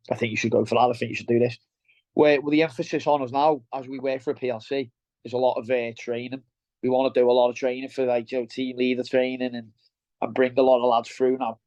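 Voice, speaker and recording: Fast-talking down-to-earth Merseyside man. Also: mid-range voice, dark tone, no room sound. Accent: Merseyside English. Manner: blunt, down-to-earth, keeps saying "mate". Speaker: guest, welder turned operations head. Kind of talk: casual interview chat. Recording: dull lo-fi sound.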